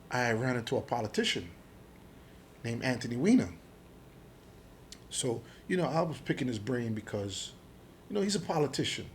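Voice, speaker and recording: A middle-aged man from Jamaica, telling his story as a podcast guest in an animated, profane way, acting out the dialogue. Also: mid-range voice, slight background noise. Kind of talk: casual storytelling interview.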